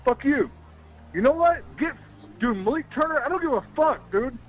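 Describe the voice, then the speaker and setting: Swearing caller ranting at high pitch. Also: male voice, expressive, normal speed, muffled recording. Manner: yelling, profane, repeats himself. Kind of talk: angry call-in rant.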